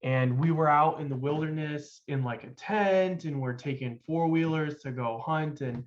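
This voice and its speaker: A young man, a podcast guest, telling his life story casually with loose, halting phrasing and many fillers. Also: a little high. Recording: dull lo-fi sound.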